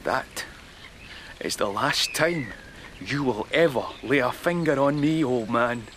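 A man's voice: mid-range voice, slow, a bit bright, a little hiss or hum, low-quality recording. An actor with a Scottish accent playing a resentful young policeman son with a cutting, accusing way of talking. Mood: menacing.

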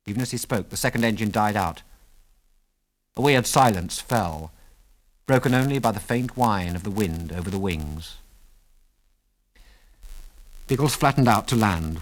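A man narrating an adventure story in a measured, dramatic reading. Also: mid-range voice.

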